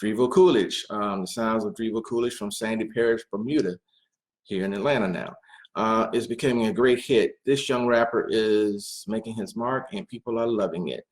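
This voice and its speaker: A man's voice: fairly low pitch, moderate pace. A man hosting a talk radio show, making loose, unscripted announcements with frequent fillers.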